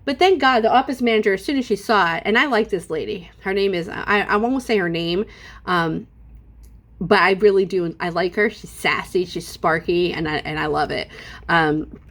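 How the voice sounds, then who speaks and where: A woman's voice: medium pitch, normal speed, fairly bright tone. Chatty, sassy woman vlogging at home. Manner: chatty and sassy, acts out quotes with exaggerated voices. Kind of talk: casual unscripted vlog storytelling.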